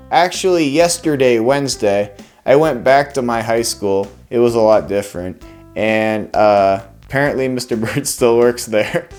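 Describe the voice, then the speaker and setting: Laid-back young man rambling casually. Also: mid-range voice. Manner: relaxed, rambling, with frequent fillers. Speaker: animator and channel host. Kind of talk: casual vlog explanation.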